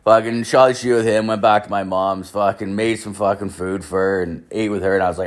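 A man's voice: on the low side, fairly even intonation, fairly quick, few pauses. A man in his thirties telling a rambling, exasperated story, swearing constantly. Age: 30s. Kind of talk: profane comic storytelling rant.

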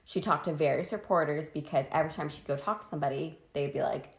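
A woman's voice: sits low, quick pace, echoey room. A woman co-hosting a casual podcast chat, telling a history story in a crude, joking way and laughing often, a bit tipsy from wine. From Washington state, US.

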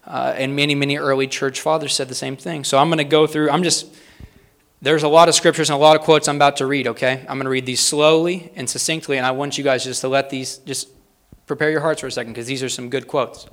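A man preaching a sermon, reading quotes aloud with rising emphasis and pausing to talk plainly to the congregation. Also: mid-range voice, little pitch movement, a bit bright. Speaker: pastor.

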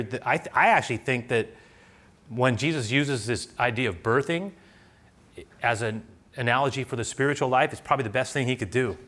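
A bright, forceful man's voice delivers a conversational sermon. He tells stories with animated bursts, then drops low and quiet for prayer. He sounds like a middle-aged pastor. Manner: conversational, animated storytelling with bursts of loud excitement.

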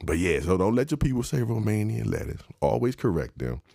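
A young man, giving a wry, mock-instructive comedic rant that jumps high in pitch for emphasis. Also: very animated, a little fast, vocal fry, dark tone, no room sound, clean studio sound.

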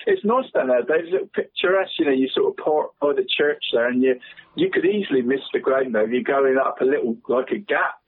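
A man chatting about local football on the radio, rambling, laughing often and calling everyone "mate". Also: medium pitch. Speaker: regular football pundit. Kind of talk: casual radio chat. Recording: husky voice over a tinny phone line.

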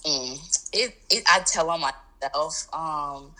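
A young woman with a low voice speaks candidly in a casual interview, trailing into fillers and breaking into laughs. Her tone is bright and forward, with a quick, easy flow. She sounds like a college student athlete talking openly. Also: rough recording. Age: 20s.

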